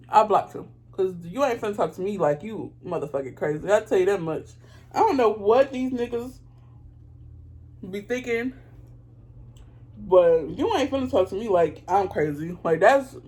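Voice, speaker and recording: A woman doing her makeup on camera while she tells a story. She talks to her viewers directly, in a casual way, and she is blunt, indignant and swears freely. Her voice sits at a middle pitch for a woman. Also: sing-song, normal speed, darkish tone, breathy edge. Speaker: beauty vlogger.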